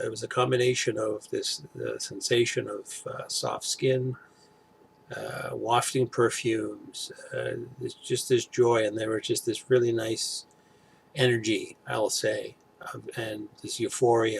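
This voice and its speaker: A middle-aged man vlogging in a rambling, halting, casual way with many fillers. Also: lowish voice, vocal fry, a little hiss or hum. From Toronto area, Canada. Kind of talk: casual chat to camera.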